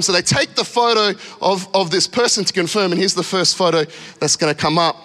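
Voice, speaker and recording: A man in his thirties preaching in a church, telling a story with lively acted-out voices before a sermon. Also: high voice, brisk. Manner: animated storyteller, acting out voices. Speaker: pastor. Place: church hall.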